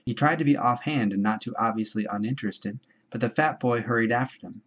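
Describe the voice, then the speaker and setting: A man reading a novel aloud in a measured, steady storytelling voice. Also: medium pitch. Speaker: audiobook reader. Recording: dull lo-fi home recording.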